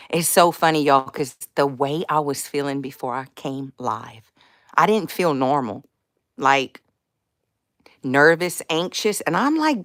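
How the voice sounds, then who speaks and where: A woman hosting her own live stream, talking casually about faith in a slangy, animated way and laughing often. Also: low voice, no room sound, clean studio sound.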